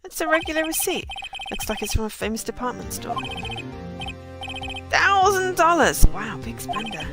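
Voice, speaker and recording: A woman voicing an earnest, excitable young male defense lawyer from a video game, over game music. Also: a little high, brisk.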